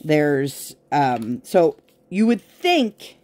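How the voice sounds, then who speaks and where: A woman's voice: sits low, sing-song, drawn-out words, darkish tone. A woman vlogger chatting casually while she works on a craft project at home, rambling through tangents with plenty of fillers.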